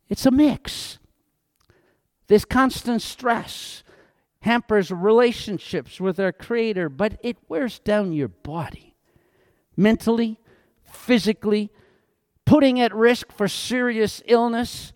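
A man's voice: sits high, expressive, slow, darkish tone, dry recording, studio quality. A middle-aged man, a pastor, preaching an earnest, conversational sermon that rises into emphatic outbursts.

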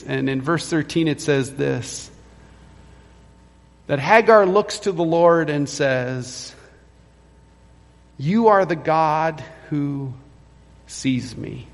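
A man's voice: fairly high pitch, gravelly. A male pastor preaching a sermon in a church, telling the story and acting out the quoted lines. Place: church sanctuary. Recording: long church reverb.

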